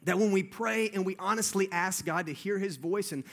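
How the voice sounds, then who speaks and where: A young preacher with a high, bright voice, addressing a congregation. He tells his story in an animated way and drops his voice low and hushed when building suspense. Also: normal speed. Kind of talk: sermon with personal story.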